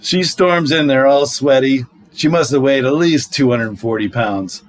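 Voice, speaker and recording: A man's voice: mid-range voice, measured pace. A middle-aged man hosting a casual vlog, telling dating stories in a wry, conversational way. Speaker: vlog host. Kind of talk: casual storytelling.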